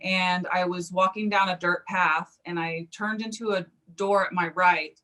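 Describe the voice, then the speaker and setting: A woman's voice: lowish voice, measured pace. A woman, a psychic medium, telling a personal story in an interview and acting out the quoted speech. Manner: animated, acts out quoted speech.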